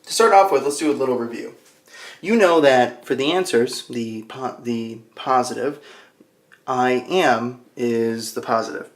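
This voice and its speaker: A male ESL teacher walks learners through a grammar point. He talks in a playful, patient way, speaking slowly and clearly at a middle pitch. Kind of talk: grammar lesson for English learners.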